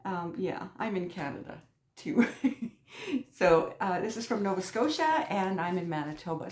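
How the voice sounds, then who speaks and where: A woman hosting a crochet channel, chatting casually as she unboxes mail, gushing and excitable, often dropping to a soft near-whisper. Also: on the low side, normal speed. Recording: echoey room.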